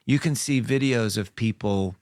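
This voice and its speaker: A man's voice: on the low side, normal speed, a little mellow, dry recording, clean studio sound. A man hosting an interview, talking casually and often affirming his guest with short replies. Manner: casual, frequent affirming backchannel. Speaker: show host. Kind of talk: conversational interview.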